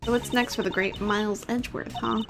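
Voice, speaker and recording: A woman's voice: on the high side, steady tone, fairly quick, soft background music, lightly acted. A woman reading game dialogue aloud as a brash, folksy female reporter with teasing slang.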